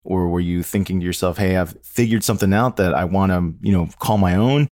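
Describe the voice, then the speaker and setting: A man's voice: low voice, fairly quick, darkish tone, dry recording, clean studio sound. A man hosting a podcast interview, asking long, rambling questions that he rephrases as he goes. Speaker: podcast host.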